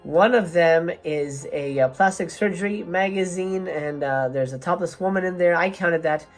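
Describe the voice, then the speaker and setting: A woman's voice: on the low side, moderate pace, soft background music. A woman hosting a movie review channel, delivering a profane, sarcastic rant in an emphatic, swearing manner. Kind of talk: profane ranting film review.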